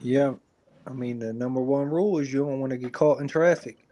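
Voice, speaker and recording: A man's voice: medium pitch, fairly even intonation, fairly quick, warm tone, a little hiss or hum. A man co-hosting over online voice chat, bantering bluntly and swearing freely. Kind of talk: casual chat.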